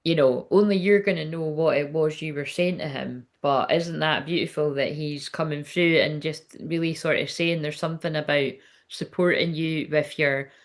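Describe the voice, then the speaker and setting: A woman's voice: sits low, fairly even intonation, moderate pace. A woman working as a psychic medium, giving a live-streamed spiritual reading in a chatty, rambling, sweary way while hiccuping now and then.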